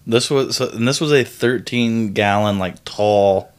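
Low-ish voiced guy cohosting a podcast, laid-back, jokey. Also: a little slow, clear, resonant tone. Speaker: podcast co-host. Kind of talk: casual chat.

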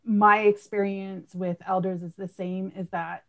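A woman in casual group conversation, speaking in a calm, considered way. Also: medium pitch, a little slow, highs cut off.

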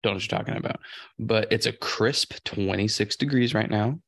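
A young man from California co-hosts a podcast, winding through long stories full of restarts and curse words. His voice is fairly low. The recording is dry and close. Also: fairly quick, creaky, fairly bright tone, no echo. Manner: rambling storyteller, heavy swearing. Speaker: podcast co-host. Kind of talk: casual podcast chat.

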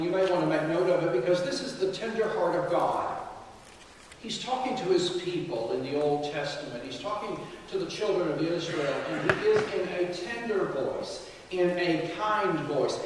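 A male pastor with a slightly raised voice delivers an earnest sermon, pausing often with fillers. His voice rings out through a large, echoey hall, picked up from some distance, with faint room ambience behind him. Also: a little high, slight background noise. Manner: earnest, prayerful, halting with fillers. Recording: echoey hall, mic from far off.

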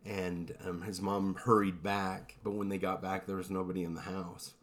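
A man with a fairly low voice tells creepy stories on a podcast, easygoing and a little rambling. He pauses with "um" and "you know" as he goes, keeping it conversational rather than dramatic. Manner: relaxed, rambling storyteller with frequent fillers. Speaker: podcast co-host. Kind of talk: casual storytelling chat.

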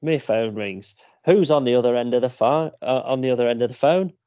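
A man's voice: medium pitch, fast talker, dark tone, clear, resonant tone, no echo. Male podcast co-host, chatty anecdotal storyteller, dry slightly dull recording. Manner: chatty storyteller, many fillers and restarts. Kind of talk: casual chat.

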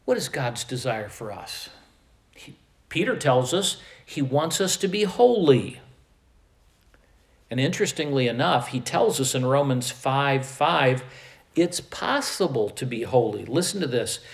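A man's voice: medium pitch, sing-song, echoey room. A man from the American Midwest preaching a sermon, emphatic, with volume that swells and drops. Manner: slow, emphatic preaching with rising and falling volume. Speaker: pastor.

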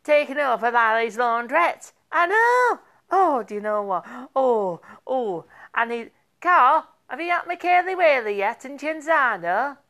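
A woman's voice: fairly high pitch, animated, a little slow, hardly any pauses, a bit bright. Gushing woman radio DJ. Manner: chatty, theatrical, gushing, with asides to an off-mic helper. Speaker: radio DJ host. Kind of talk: comic community radio DJ patter.

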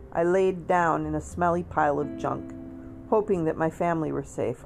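A woman reading a children's storybook aloud, expressive and steady. Her voice sits on the low side for a woman, and guitar music plays clearly under her. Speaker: storybook reader. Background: soft guitar music.

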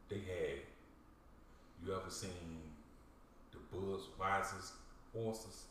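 An actor playing a brash young African prince with a Southern accent, talking in profane, boastful, rambling slang in a comedy interview sketch. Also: male voice, low-pitched, fairly even intonation, slow, a bit bright, slight background noise. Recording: echoey room, distant mic, faint ambience.

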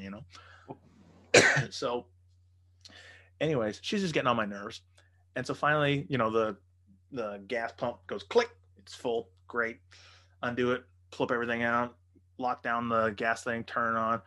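A man in casual conversation tells a rambling, profane story. He jumps into loud, animated versions of the people he quotes and keeps checking in with his listener. His voice sits at an average pitch for a man. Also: moderate pace.

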